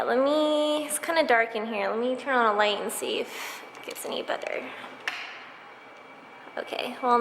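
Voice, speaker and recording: A woman's voice: on the high side, a bit bright, slight background noise. A young woman vlogging casually about her sewing space, chatty and full of fillers like um and like. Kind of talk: casual vlog chat. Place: home and empty basement, indoors. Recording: echoey room.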